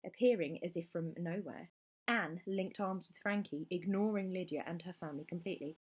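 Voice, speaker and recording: Husky woman reading a novel aloud. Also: on the low side. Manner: steady, measured narration. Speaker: reader.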